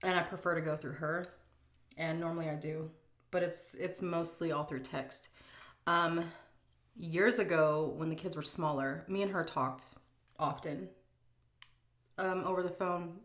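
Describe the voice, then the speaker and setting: A woman's voice: deep voice, fairly even intonation, unhurried, long pauses, a bit bright, echoey room. A woman vlogger chatting frankly while she eats, reading out viewer questions and answering them. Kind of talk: casual chat while eating.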